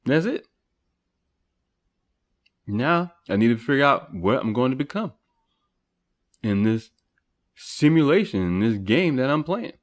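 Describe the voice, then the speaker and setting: A man's voice: medium pitch, very animated, unhurried, pauses often. Rambling man musing aloud. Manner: rambling, full of rhetorical questions and restarts. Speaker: podcast host. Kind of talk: philosophical monologue.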